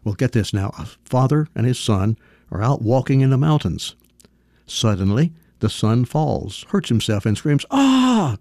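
A man's voice: mid-range voice, moderate pace, warm tone, dry recording, studio quality. A man giving a folksy radio commentary, telling a parable and acting out its voices. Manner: folksy storyteller, acts out quotes.

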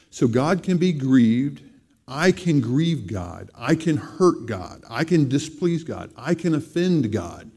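A man preaching a sermon, repeating phrases and slowing down to stress key lines. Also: mid-range voice, sing-song, warm tone, breathy edge. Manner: emphatic, repeating phrases with slow stressed delivery.

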